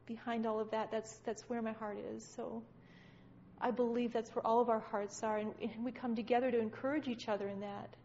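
A woman's voice: fairly high pitch, little pitch movement, fairly quick, mellow, a little hiss or hum. A woman sharing with her church congregation, talking fervently, repeating phrases and stammering. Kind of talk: impassioned spontaneous exhortation. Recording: dull, echoey hall recording.

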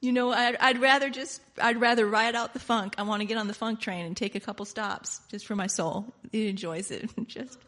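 A woman preacher delivering a sermon in an animated, emphatic way, repeating key lines and laughing often. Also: a little high, brisk, few pauses, long reverb tail.

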